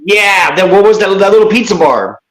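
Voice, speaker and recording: A man's voice: high voice, big pitch swings, fairly quick, fairly bright tone, reverberant, poor audio. A male guest, a singer and concert correspondent, chatting casually and telling rambling, profane stories. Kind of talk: casual chat.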